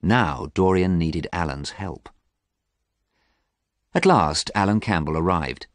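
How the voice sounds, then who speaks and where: A man reading a story aloud clearly and expressively for English learners. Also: low voice, slow, no echo.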